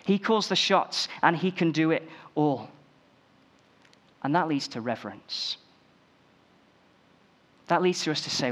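A man's voice: a little high, lively intonation, measured pace, long pauses, a bit bright. A man preaching a sermon, building emphasis through repeated phrases.

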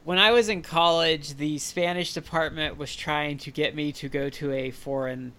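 An American man co-hosting a podcast, chatting casually, animated and self-deprecating with lots of fillers. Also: on the high side, normal speed, smooth. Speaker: podcast co-host. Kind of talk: casual chat.

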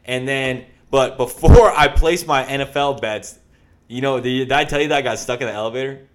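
A young man telling a story in a casual chat, swearing freely and acting out his panic with loud shouts. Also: medium pitch, fairly quick, a little hiss or hum. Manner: profane, animated storyteller with shouted reenactments.

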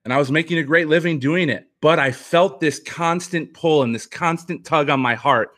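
Appearing on a podcast, this man, once a pitcher and now an author, recounts something from his own life with earnest reflection. He keeps restarting sentences, moving at a moderate pace with few pauses, and his tone is slightly bright.

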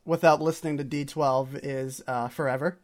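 A man's voice: medium pitch, fairly even intonation, moderate pace. A young man co-hosting a podcast in casual chat, laid-back and blunt, laughing along. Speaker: podcast co-host.

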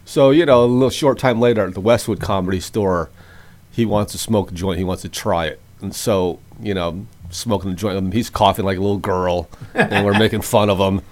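Low-voiced brash man. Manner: brash, swearing, fast anecdotes. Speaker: comedian guest. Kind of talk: casual chat.

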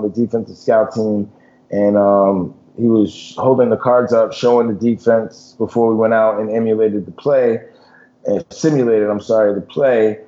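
Relaxed ex-player co-host, casual sports talk, mid pitch, slightly muffled sound. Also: male voice. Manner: relaxed, lots of "you know" and "man". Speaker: podcast co-host, former football player.

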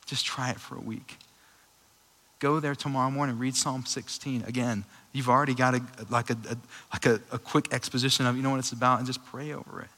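A young adult man preaching a sermon in a conversational, animated way, with frequent fillers and restarts. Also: mid-range voice, fairly quick, poor audio. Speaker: pastor.

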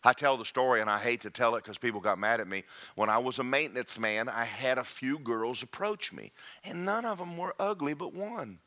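A man's voice: medium pitch, fairly quick, pushed and bright. A middle-aged man preaching a sermon, joking and acting out quoted voices.

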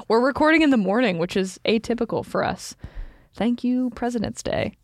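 A woman co-hosting a podcast in casual chat, playful and punning, quick to laugh. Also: fairly high pitch, darkish tone, dry recording, clean studio sound. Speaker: podcast co-host.

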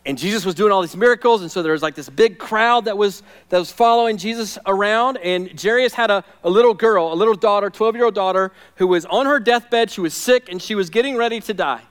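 A man preaching a sermon, swinging from hushed, intimate lines to loud, urgent ones. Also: high-pitched, brisk, hardly any pauses, clean tone. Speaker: pastor.

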